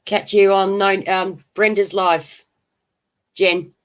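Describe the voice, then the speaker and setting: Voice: mid-range voice, little pitch movement, takes it slowly, a bit bright. A livestream host who chats casually, laughs often and answers viewers' comments. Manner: laughs often, chatty and rambling, answers chat.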